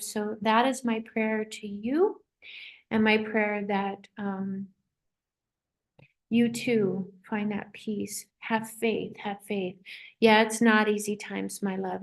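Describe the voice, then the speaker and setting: A middle-aged woman hosting a casual livestream as a psychic medium, rambling and affectionate as she reads out and answers viewer comments. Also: a little high.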